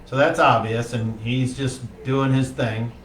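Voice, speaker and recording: A man's voice: medium pitch, steady tone, unhurried, a little hiss or hum. A man running a tabletop game as game master, talking casually with swearing and frequent fillers. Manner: casual, profane, rambling with fillers. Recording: roomy distant mic, faint ambience.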